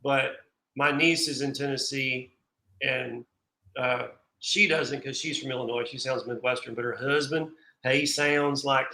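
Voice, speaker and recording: A man's voice: medium pitch, steady tone, a little slow, pushed and bright, reverberant, low-quality recording. A man from Texas, chatting casually as a stream guest, with frequent restarts. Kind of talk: casual chat.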